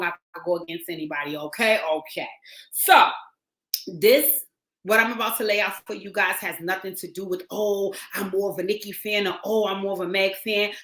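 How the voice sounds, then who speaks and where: A woman's voice: medium pitch, pushed and bright. A woman in her forties giving casual, rambling commentary on a livestream from her phone, full of slang and repeated phrases. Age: 40s. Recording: roomy echo.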